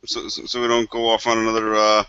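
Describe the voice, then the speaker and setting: Casual male host, bright tense voice, dry dull recording. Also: lowish voice, monotone, quick pace, clear, resonant tone, no echo. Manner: laughing, hesitant, moderating. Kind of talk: casual chat.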